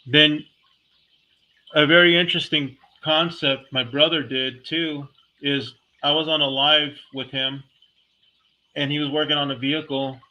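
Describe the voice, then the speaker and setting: A man's voice: on the high side, level tone, measured pace. A man delivering a heated, blunt, profane monologue as a vlogger, talking casually and speaking his mind. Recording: dull lo-fi recording.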